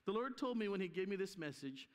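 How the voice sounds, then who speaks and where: High-voiced man preaching in a reverberant hall. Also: animated, fast talker. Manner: emphatic, acts out voices of people in the story. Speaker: guest preacher. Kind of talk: conference sermon. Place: church hall. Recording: live hall with long reverb.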